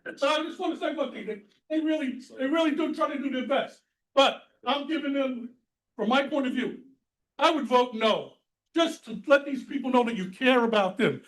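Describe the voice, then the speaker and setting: A man's voice: extremely high pitch, normal speed, low-quality recording. A man speaking at a town council meeting's public comment, blunt and folksy, repeating his points for emphasis.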